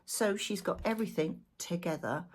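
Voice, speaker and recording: A woman's voice: lowish voice, moderate pace. A woman giving a casual weekly tarot reading to camera, thinking aloud and chatting animatedly as she goes through the cards. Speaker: tarot reader.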